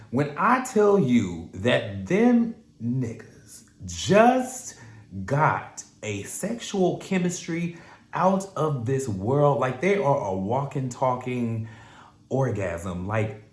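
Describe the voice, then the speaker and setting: Casting note: young male recap host, sassy and animated, mid-pitched voice, echoey room. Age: young adult. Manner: animated, profane and sassy, drawn-out words for emphasis. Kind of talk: casual recap commentary.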